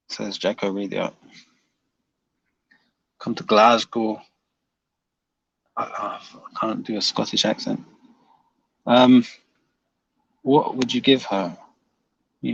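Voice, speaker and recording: A man's voice: medium pitch, a little slow, vocal fry, pauses often, husky, no room sound, dull audio. A man hosting a casual livestream, reading viewer comments aloud and teasing them, laughing often.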